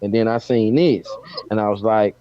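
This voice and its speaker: A man's voice: fairly low pitch, fairly even intonation, moderate pace, mellow, no room sound, lo-fi sound. A man from Alabama chatting casually as a podcast guest, often repeating words and saying "you know what I'm saying.". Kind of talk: casual chat.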